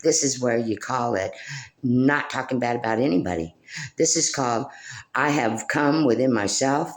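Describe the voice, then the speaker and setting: An older woman from Portland, Oregon, with a deep, bass voice vlogs into her phone at a moderate pace. Her rambling spiritual monologue is emotional and preachy, swinging between soft and loud, and she talks baby-talk to her dog.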